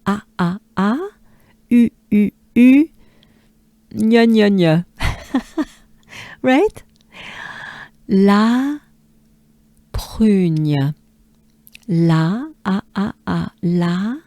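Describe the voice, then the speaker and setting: A woman from France with a French accent, patiently coaching pronunciation and repeating words slowly with soft breathy asides. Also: mid-range voice, lively intonation, no echo. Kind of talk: slow pronunciation lesson.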